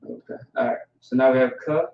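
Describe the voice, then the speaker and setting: A man giving an informal vocabulary lesson, repeating each word slowly and checking in with "all right" and "okay". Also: mid-range voice, wildly swooping pitch, creaky. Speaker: language teacher. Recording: echoey room, dull lo-fi sound.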